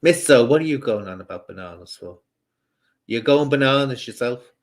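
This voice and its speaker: A man's voice: medium pitch, expressive, normal speed. A man with a Scouse accent mixed with Southern Irish, hosting a casual live stream, rambling and answering comments from viewers.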